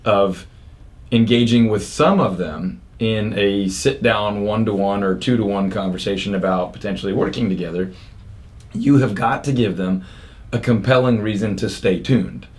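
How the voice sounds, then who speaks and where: An upbeat, talkative man hosts a casual podcast from an office studio. His voice sits a little low, and he rambles freely with fillers and quick restarts. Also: a little mellow. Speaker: podcast host and real estate coach.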